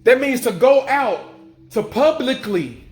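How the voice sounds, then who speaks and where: A man with a very high-pitched voice, animated yet unhurried, gives his viewers a repetitive, emphatic spiritual monologue. The vlogger restates each point and swears casually, with faint music in an echoey room.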